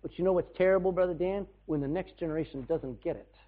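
A man preaching to his congregation in a homespun, folksy way, now rising to a loud burst, now dropping low. His voice sits a little high for a man. The sound is thin and boxy, like it came through a phone. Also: fast talker. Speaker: pastor. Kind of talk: sermon. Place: church. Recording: tinny, phone-like band.

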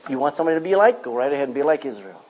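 A man preaching a sermon in church, with loud rises and quiet drops. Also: fairly high pitch, big pitch swings, racing, rough recording. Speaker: pastor.

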